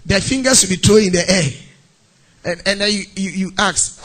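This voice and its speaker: A Ghanaian man preaching a sermon as pastor, animated and sing-song, acting out little scenes. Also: high voice, brisk. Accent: Ghanaian English. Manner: animated, acts out mock phone calls and scenes.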